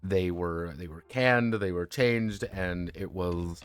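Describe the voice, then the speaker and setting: A man with a low, clear, resonant voice speaks slowly over soft background music. He's streaming a casual chat reviewing a tabletop game, rambling and swearing freely, with many fillers and restarts.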